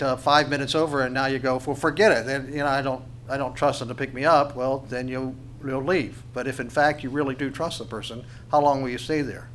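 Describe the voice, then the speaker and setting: A man delivers a sermon in a relaxed, conversational way. He keeps posing rhetorical questions to his listeners. His voice sits a little higher than most men's, and a faint noise runs underneath. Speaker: preacher.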